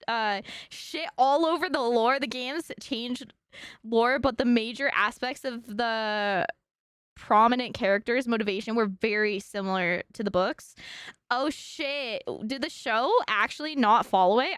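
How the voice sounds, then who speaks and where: A woman streamer chatting casually, excitable and giggly, swearing freely. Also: on the high side, clear, resonant tone, no echo. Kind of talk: casual chat.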